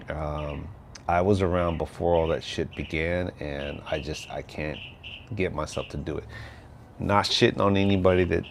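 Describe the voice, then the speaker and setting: A man's voice: deep voice, vocal fry, slight background noise. An older man from Texas, hosting a casual livestream chat in a rambling, laid-back way that keeps tagging on "right?", outdoors near his house. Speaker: livestream host.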